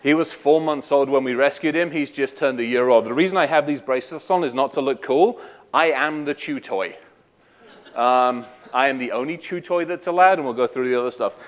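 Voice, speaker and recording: A man's voice: medium pitch, brisk. A middle-aged Welsh man giving a casual, irreverent conference talk, joking and swearing freely. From Wales. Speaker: conference speaker.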